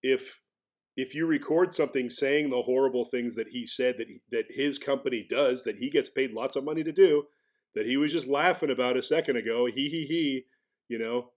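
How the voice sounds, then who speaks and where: A man with a medium-pitched voice talks fairly quickly as he gives casual commentary on a video clip. He keeps it conversational and sometimes mocks the people on screen with impressions.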